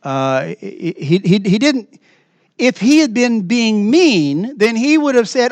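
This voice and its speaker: A man preaching a sermon as pastor in a church, earnest and emphatic, moving between raised passages and hushed asides. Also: sits high, big pitch swings, slow, no room sound.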